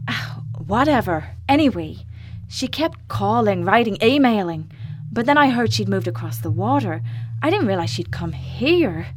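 An actress playing a sharp-tongued, bantering woman at a wedding, in a TV drama. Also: mid-range voice, big pitch swings, normal speed, a little hiss or hum, lightly acted. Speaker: wedding guest avoiding an old friend. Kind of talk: TV drama acting.

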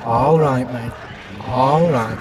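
A man's voice: mid-range voice, takes it slowly, background noise, natural voice. An actor playing a young man who looks after his drugged friend, coaxing and firm. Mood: calming. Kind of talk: audio drama acting.

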